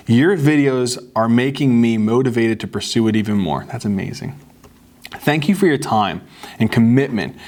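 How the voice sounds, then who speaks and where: Male host, mid-range voice, reads fan letters aloud, casual and openly grateful. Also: mid-range voice. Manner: warm, grateful, gets choked up. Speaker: host reading fan mail. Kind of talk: casual chat to camera.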